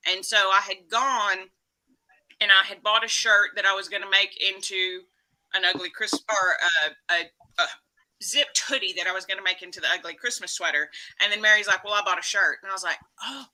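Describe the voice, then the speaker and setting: A woman's voice: medium pitch, steady tone, brisk, bright, forceful tone, low-quality recording. A woman with a Texan accent, chatting and teasing as the host of a live stream and greeting her viewers. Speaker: livestream host. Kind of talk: casual live-stream chat.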